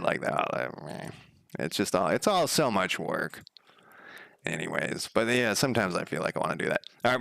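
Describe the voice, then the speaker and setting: A man with a mid-range voice talks loosely over his coding stream, full of fillers and casual profanity. His voice rises and gets louder whenever he acts out what other people said. The sound is dry and close, with no room around it. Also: gravelly, no echo. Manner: gets louder and higher when quoting others. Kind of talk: casual rambling livestream chat.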